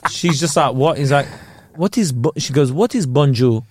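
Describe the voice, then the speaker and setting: A man co-hosting a podcast, telling stories in animated, slangy casual chat. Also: on the high side, a little slow, husky, no echo, soft background music. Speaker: podcast co-host.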